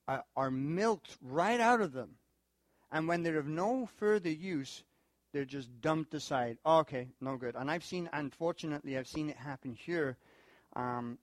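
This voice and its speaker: A male pastor preaching a sermon in an animated way, with asides and laughs. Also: no echo. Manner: animated, acts out quoted people in high voices. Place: church in Korea.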